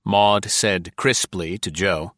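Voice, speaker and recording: A man narrating a first-person novel in an audiobook, with an even, measured, dry delivery. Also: sits low, no room sound.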